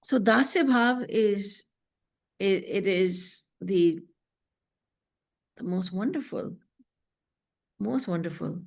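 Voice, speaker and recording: Her creaky, medium-pitched voice carries an earnest devotional talk given by video call. This spiritual teacher tells stories as she lectures and eases her pace to recite verses from scripture.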